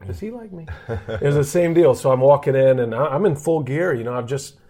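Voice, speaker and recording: A sportscaster from Texas tells stories in a relaxed podcast interview. His voice sits at an everyday middle pitch. He is animated and keeps slipping into the voices of the people he quotes. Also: brisk. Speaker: guest sportscaster. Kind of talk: casual storytelling interview.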